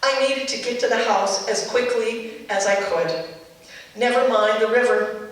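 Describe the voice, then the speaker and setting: A woman's voice: a little high, measured pace, recorded from a distance. Reflective storytelling woman in an echoey room. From Minnesota. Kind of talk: personal storytelling to a live audience.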